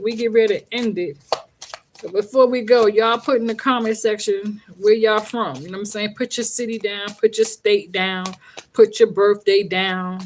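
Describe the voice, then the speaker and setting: A woman's voice: fairly high pitch, a little hiss or hum. A woman from the Bronx with a New York accent, reading tarot from home in a brash, profane, joking live-stream chat. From Bronx, New York City. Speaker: tarot reader.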